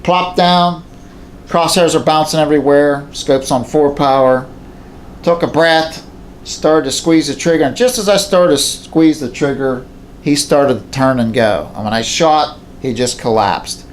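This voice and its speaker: Indoors at home beside a mounted moose, a man from southwestern Pennsylvania shares a hunting story to camera in casual, plainspoken, folksy fashion, repeating himself. He speaks a little high at a measured pace, with slight background noise.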